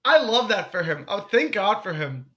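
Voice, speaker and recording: A young man, a comedian guest on a casual podcast, telling animated stories, swearing freely and acting out what people said. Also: sits high, moderate pace. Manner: animated storyteller, swears freely, acts out quotes.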